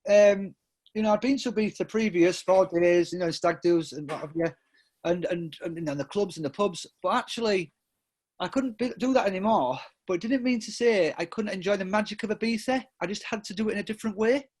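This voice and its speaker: A man's voice: sits high, fairly quick, darkish tone. A middle-aged man from England, a podcast guest telling stories casually, rambling with many restarts and often laughing. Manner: rambling, self-interrupting with many restarts and fillers. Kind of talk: casual storytelling interview.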